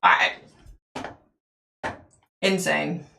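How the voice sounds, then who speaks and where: A woman's voice: on the low side, fairly even intonation, very slow, creaky, pushed and bright, reverberant, a little hiss or hum. A woman hosting a livestream, telling stories in a chatty way, laughing often and answering viewers' comments. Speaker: livestream host. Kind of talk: casual chat with viewers.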